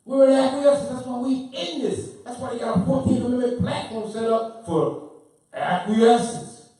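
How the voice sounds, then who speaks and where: A man giving an impassioned lecture, preaching fervently and repeating points, sometimes loud. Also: extremely high pitch, moderate pace. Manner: fervent, preaching, repeats himself, gets loud then apologizes. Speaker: speaker. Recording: roomy, from far off the mic.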